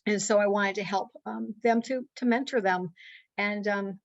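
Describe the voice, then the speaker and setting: A middle-aged woman speaks in a mid-range voice, telling a personal story to listeners on a call. She is earnest and halting, filling gaps with "um" and restarting sentences. The recording is close and dry, with no room sound. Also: medium pitch, fairly even intonation, no echo, dull audio. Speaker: guest speaker.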